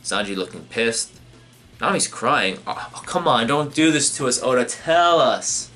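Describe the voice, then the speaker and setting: A man hosting a live manga reaction, reading pages aloud and thinking out loud with casual swearing and lots of fillers. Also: medium pitch, lively intonation, unhurried, faint music behind. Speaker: manga reaction channel host.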